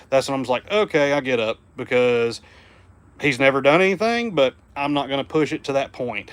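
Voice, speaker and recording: A man with a Southern US accent hosting a casual livestream from home, reading viewer comments and speaking gently to his dog. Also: mid-range voice, normal speed. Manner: easygoing, drops to a hushed murmur around his dog. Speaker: livestream host. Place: home room indoors.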